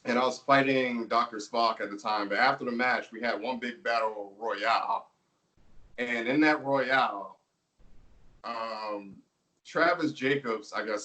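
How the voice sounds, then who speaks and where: Male pro wrestler guest, relaxed and chatty, laughs a lot, a bit off-mic. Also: mid-range voice, distant mic, low-quality recording. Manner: laid-back storytelling, laughs often, filler words. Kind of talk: casual interview chat.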